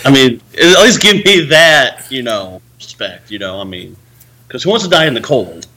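A man co-hosting a podcast in casual chat, halting and heavy on fillers. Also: medium pitch, big pitch swings, bright, forceful tone, rough recording. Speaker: podcast co-host.

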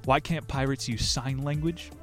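A man's voice: medium pitch, fairly even intonation, normal speed, fairly bright tone, faint music behind. A man hosting a book podcast, brash and crude, cracking corny jokes and swearing between passages he reads aloud. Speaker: podcast host reviewing books.

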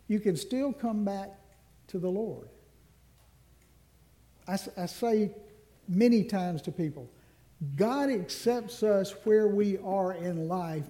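A man preaching for Ash Wednesday speaks earnestly, his tone high and mellow. Key lines get drawn out slowly, and a few self-deprecating asides slip in along the way.

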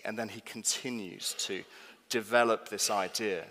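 A man's voice: lowish voice, steady tone, unhurried, bright, forceful tone. Male pastor, emphatic sermon delivery, questioning tone, church hall with long echo. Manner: emphatic, asks the congregation questions.

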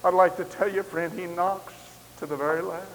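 A man preaching a camp meeting sermon, telling a story with impassioned delivery that rises to loud exclamations. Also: high-pitched, steady tone, a little fast. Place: large camp meeting hall. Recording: long hall reverb with faint hiss.

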